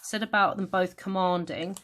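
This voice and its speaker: A woman with a British accent teaching a revision lesson. She thinks aloud, corrects herself and reads verse lines slowly. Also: on the low side, steady tone, fairly bright tone, a little hiss or hum. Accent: British English. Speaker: English literature tutor. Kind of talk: revision lesson, annotating a text.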